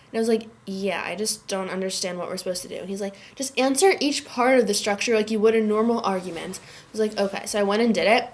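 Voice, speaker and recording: A teenage girl who is sick and tired, chatting casually to her webcam from a dorm room and filling every phrase with "like". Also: medium pitch. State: sick and worn out. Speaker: vlogger. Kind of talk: casual chat to camera. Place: dorm room at a summer camp.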